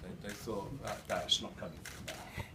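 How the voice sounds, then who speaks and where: An older man speaking to a live audience, halting with many restarts, his words slightly slurred by a new denture. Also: deep voice. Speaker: guest speaker. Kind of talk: live storytelling talk. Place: event hall with an audience. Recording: distant mic in a noisy room.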